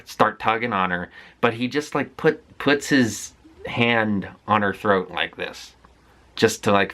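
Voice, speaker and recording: Rambling, bright-voiced man recapping a film. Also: lowish voice. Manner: rambling, with frequent fillers and restarts; candid and conversational. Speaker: movie vlogger. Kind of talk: casual spoken film recap.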